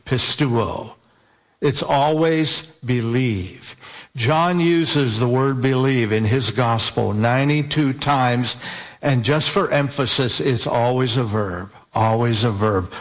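A man delivers a sermon at an unhurried, measured pace. His voice sits at an ordinary pitch, and he presses his points home by drawing out scripture quotes and repeating key words. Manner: deliberate, emphatic preaching, slowing down on scripture quotes. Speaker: preacher.

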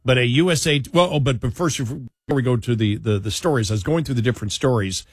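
A man's voice: mid-range voice, fast, husky, no echo, clean studio sound. A man hosting a talk radio show, chatting casually and rambling with frequent restarts and fillers.

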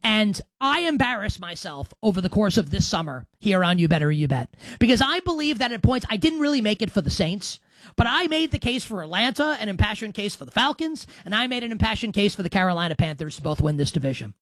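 A man's voice: high voice, very animated, brisk, fairly bright tone, dry recording. Male sports talk host, brash and emphatic, dry studio sound.

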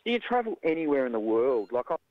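An Australian man who coaches jiu-jitsu, talking in a lively, casual way and acting out the voices of people in his stories. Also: medium pitch, fast, no echo, phone-quality sound. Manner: animated storyteller, acts out quoted voices. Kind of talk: casual conversation.

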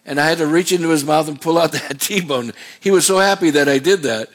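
A man's voice: fairly high pitch, brisk. A middle-aged man preaching a sermon as a pastor, in a conversational way with rambling asides.

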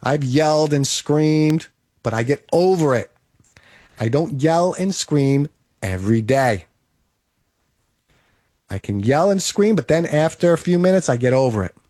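A man's voice: on the high side, expressive, a little slow, long pauses, mellow, dry recording, studio quality. A man giving an emphatic, repetitive motivational monologue, coaching the listener.

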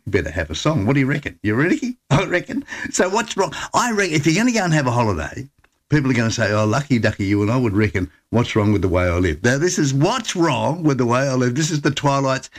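An upbeat, chatty Australian man hosting a radio show and giving travel tips. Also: fairly low pitch. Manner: chatty and upbeat, with repeated restarts. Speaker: radio host. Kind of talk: casual advice and radio presenting.

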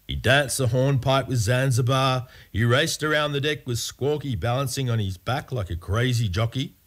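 A man narrating a scripted storybook adventure in a playful, wry way. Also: on the low side.

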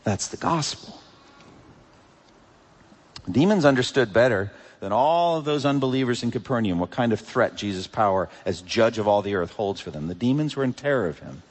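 A man preaching a sermon with emphatic swings between loud peaks and hushed drops. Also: medium pitch, animated, normal speed, big-room sound. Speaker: pastor.

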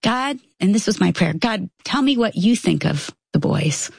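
Woman in her 50s, co-host, gravelly voice, animated storyteller. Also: mid-range voice, moderate pace, no room sound. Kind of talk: casual conversation.

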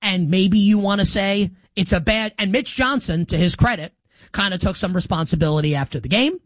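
A man's voice: a little fast, a bit bright, dry recording. A man hosting a sports talk show, delivering an opinionated monologue with sarcastic emphasis. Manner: sarcastic and emphatic, with wide swings in pitch.

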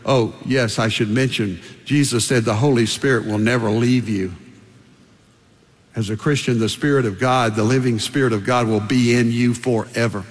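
An older man preaching a sermon as pastor, emphatic and building his points through repeated phrases. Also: mid-range voice. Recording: long reverb of a large hall.

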